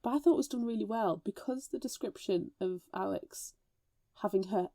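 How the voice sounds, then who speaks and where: A woman's voice: mid-range voice, moderate pace, dark tone, no room sound, clean studio sound. A woman co-hosting a book podcast, chatty and blunt, laughing often. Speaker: podcast co-host. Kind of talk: casual chat.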